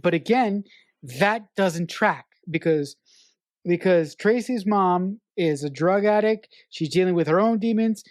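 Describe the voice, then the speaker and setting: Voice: medium pitch, unhurried, no echo, studio quality. A podcast co-host arguing points about a film in casual chat, emphatic and stumbling over restarts, swearing for emphasis.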